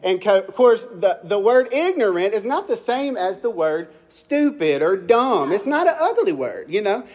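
A young man from Mississippi preaches with a Southern accent, his voice sitting high for a man. He tells homespun stories and keeps turning to the congregation with questions. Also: sing-song, moderate pace, a little mellow. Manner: folksy, asks the congregation questions. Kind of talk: folksy storytelling sermon.

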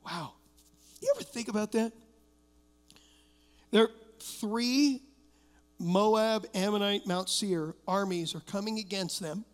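A man's voice: high voice, slow pace, long pauses. A middle-aged male pastor preaching an emphatic sermon, weaving personal stories into declarations. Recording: long reverb of a church hall.

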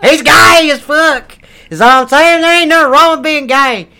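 A man voicing a crude, loud redneck churchgoer who rants and curses, with a put-on drawl. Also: very high voice, moderate pace, full character voice. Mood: preachy ranting. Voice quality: brash, profane, rambling. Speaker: comedic character. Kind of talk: improvised comedy role-play.

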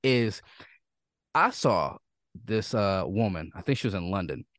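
A man's voice: fairly low pitch, lively intonation, normal speed, a bit bright, dry recording, studio quality. A man co-hosting a casual podcast chat, ranting bluntly and profanely for laughs. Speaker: podcast co-host.

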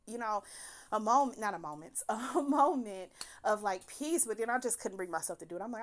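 A young woman telling a personal story in a casual, profane, animated way, laughing often as she talks. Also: a little high, fairly quick.

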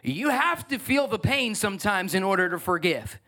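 A high-voiced man delivers a sermon from the pulpit. He preaches in an animated, emphatic way, leaning hard on each point. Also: normal speed. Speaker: pastor.

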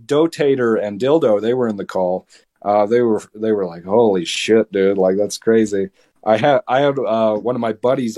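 A young man in his late teens, a podcast guest, tells a story casually in a heated, animated way, restarting his words often. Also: lowish voice.

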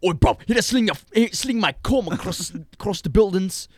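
A young man putting on a loud, boastful superhero voice with a put-on British accent. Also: sits high, brisk, dry recording, voice pushed up. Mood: swaggering. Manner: loud, swaggering announcer voice.

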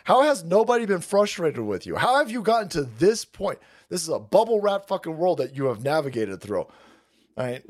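A man's voice: on the high side, sing-song, moderate pace. A man hosting a livestream, ranting in a crude, mocking way and often laughing. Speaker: streamer host.

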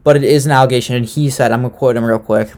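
A man's voice: medium pitch, fairly even intonation, very fast, a little mellow. A young man in a casual, sarcastic chat, recapping a dating show as a podcast host, loose and swearing now and then.

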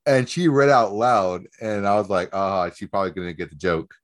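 A man's voice: low-pitched, normal speed. A young man in casual chat, telling stories with frequent laughs and casual swearing.

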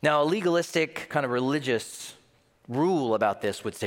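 A male pastor preaching with a lively, swooping delivery and a slightly high voice. He tells stories and acts out every quote. His voice rings out with a long reverb, as in a big church hall. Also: brisk. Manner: animated storytelling, acts out quotes. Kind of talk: sermon.

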